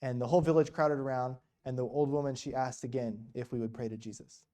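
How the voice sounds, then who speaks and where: A warm-toned man talks fast, his medium-pitched voice holding fairly even intonation. He is a guest speaker at a church, preaching a storytelling sermon in a conversational style full of rhetorical questions and "you know."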